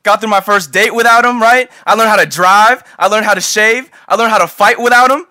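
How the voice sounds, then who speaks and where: A man's voice: very high voice, no echo, heavily acted. A young man playing a hurt young man abandoned by his father, reading a scene with friends. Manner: bitter, rising to shouting.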